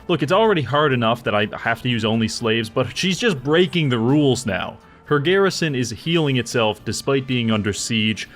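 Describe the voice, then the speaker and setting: A man giving casual gameplay commentary, sardonic and excitable, with loud outbursts of mock anger. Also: mid-range voice, moderate pace, hardly any pauses, faint music behind. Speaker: gaming YouTuber.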